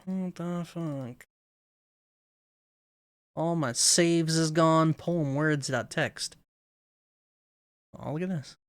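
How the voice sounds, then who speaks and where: A man's voice: on the high side, very slow, long pauses, smooth. A man streaming a game, commenting bluntly and swearing freely into a close desk mic at home. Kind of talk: let's play commentary.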